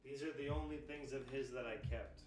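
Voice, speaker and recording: A man's voice: medium pitch, steady tone, brisk, noisy background. A man chatting casually as a streamer, rambling and emotional, swearing a lot, close to tears. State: tearful. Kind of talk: casual chat.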